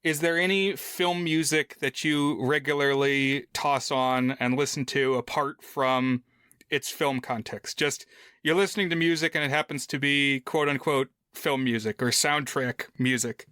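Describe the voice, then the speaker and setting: Bright, crisp-voiced male podcast co-host. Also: medium pitch, steady tone, no echo, studio quality. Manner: measured, asks discussion questions, reflective. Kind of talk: casual chat.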